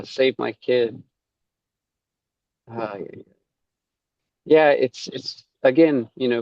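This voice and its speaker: A man's voice: lowish voice, vocal fry, no echo, highs cut off. A man talking casually as a podcast guest, rambling, with many fillers and quoted asides. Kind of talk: casual conversation.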